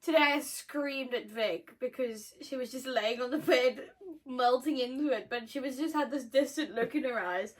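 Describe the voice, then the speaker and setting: Playful high-voiced young woman. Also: normal speed. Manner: playful, teasing, bursts into loud laughter and shouts. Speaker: co-host. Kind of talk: casual chat, reading confessions aloud.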